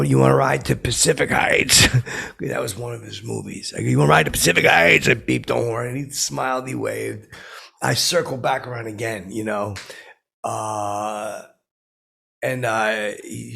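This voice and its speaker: A man voices a boastful, belligerent has-been telling a long comedy podcast story. His voice is low and gravelly, with a husky rasp and a forceful edge. He rambles and stalls through fillers and false starts. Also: heavily acted. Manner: rambling, halting, full of fillers and restarts. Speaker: podcast host in character. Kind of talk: in-character comedy podcast monologue.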